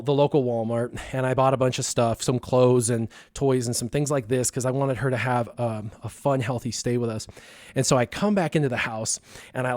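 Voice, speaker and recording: A man's voice: mid-range voice, no echo. Dry-voiced man telling a story. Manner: animated storyteller, acts out his own past lines. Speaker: stream co-host. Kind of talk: casual storytelling on a stream.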